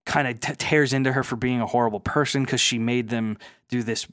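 A man casually retelling a reality show, with animated storytelling and mocking impressions of the people he quotes. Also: medium pitch, brisk, no room sound. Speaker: podcast co-host.

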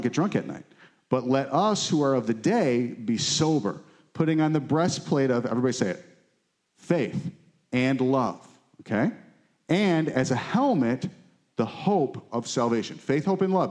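A married adult pastor preaches a sermon to his congregation in a medium-pitched, darkish voice. His style is conversational, and he frequently checks in with listeners by asking "right?"

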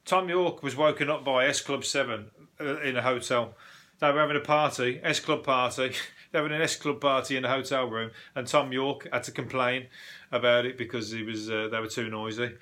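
A man's voice: mid-range voice, steady tone, brisk, sharp tone. A man hosting a casual news review, rambling, swearing and laughing as he goes. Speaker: podcast host.

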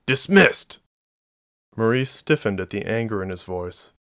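A man narrating a novel as an audiobook in a steady, even storytelling voice. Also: on the low side, normal speed, smooth, no echo.

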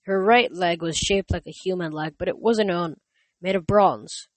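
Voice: medium pitch, moderate pace, no room sound. Plain dry-sounding audiobook reader. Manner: plain reading with stumbles and self-corrections. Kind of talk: casual amateur audiobook narration.

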